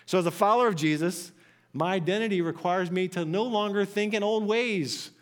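A man's voice: high voice, brisk. A man preaching a sermon from scripture, earnest and emphatic, often repeating phrases. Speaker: pastor.

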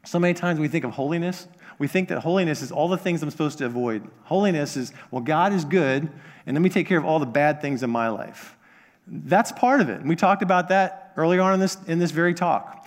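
A man preaching a sermon as pastor, earnest and repetitive, with frequent restarts and swings between hushed quiet passages and emphatic raised ones. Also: on the high side, lively intonation, a little fast.

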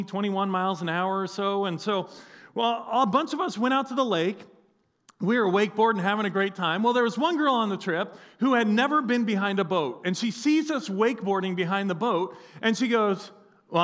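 A man preaching a sermon as pastor, telling a story with lively acted-out quotes. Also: high-pitched.

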